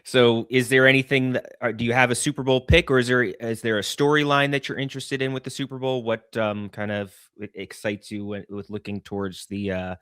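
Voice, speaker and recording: Fast-talking male podcast host. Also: medium pitch, flat delivery, a bit bright, clean tone, no echo, clean studio sound. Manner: hesitant questions with fillers. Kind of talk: casual interview chat.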